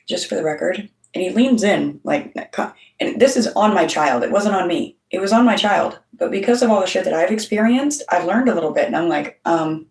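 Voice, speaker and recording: A middle-aged woman who hosts the channel tells a story directly to camera in a casual monologue, blunt and swearing heavily, quoting other people's voices. Her voice sits in the mid range and is far from the mic, with a roomy sound.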